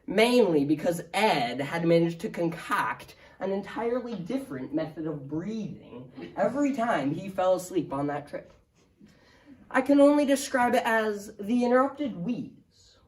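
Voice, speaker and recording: A man reading a humorous story aloud in a dry, wry, deadpan manner. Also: high-pitched. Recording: roomy, distant mic.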